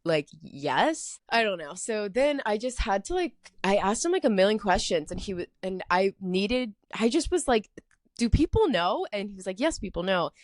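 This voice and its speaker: A woman's voice: mid-range voice, lively intonation, moderate pace, no echo, studio quality. A young woman from Atlanta hosting a solo podcast, telling a story in a chatty, rambling way full of "like". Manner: chatty, rambling, heavy filler "like". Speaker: podcast host.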